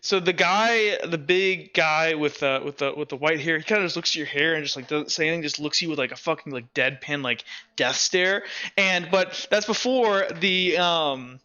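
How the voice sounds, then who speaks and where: A man's voice: on the high side, normal speed, pushed and bright, clear, resonant tone, highs cut off. A man narrating a tabletop game as game master, rambling with many fillers. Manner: rambling, filler-heavy, laughing.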